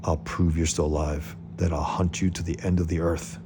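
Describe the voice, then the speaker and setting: A man's voice: sits low, flat delivery, normal speed, noisy background. A man reading aloud as a grief-stricken male hero who is obsessed and brooding. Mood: obsessive. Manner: intense, brooding.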